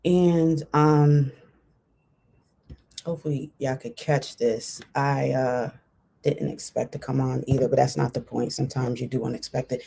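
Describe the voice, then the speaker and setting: A woman's voice: extremely low pitch, flat delivery, unhurried, vocal fry, mellow, breathy edge. A woman hosting a casual livestream on her computer, chatting directly to her viewers with many fillers and restarts. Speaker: livestream host. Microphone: computer mic.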